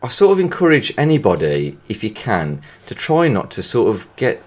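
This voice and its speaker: A deep-voiced man chats casually over his football game, his nose audibly stuffy from hay fever. He rambles, circles back and restarts his sentences as he talks to his viewers. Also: wildly swooping pitch, normal speed. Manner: rambling and hesitant, full of restarts. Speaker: gaming video creator. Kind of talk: casual commentary while playing a football video game.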